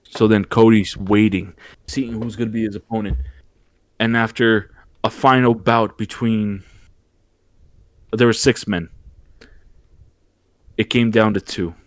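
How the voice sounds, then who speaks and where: On a casual podcast, a host recaps wrestling with plenty of energy, doing exaggerated impressions of the wrestlers and stumbling over and repeating words as he tells the story. His voice is fairly low and a little slow, with frequent pauses and no echo.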